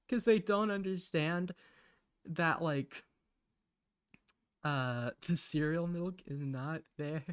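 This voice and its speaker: A man's voice: a little high, fairly bright tone, clear, resonant tone, no room sound, studio quality. A man chatting casually on a live stream while he draws. He rambles, mutters to himself, and laughs often.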